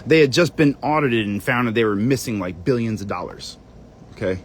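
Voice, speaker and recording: Searching documents on screen, the channel host rambles on, muttering and swearing softly to himself. His voice sits at medium pitch and moves a little fast, with slight background noise.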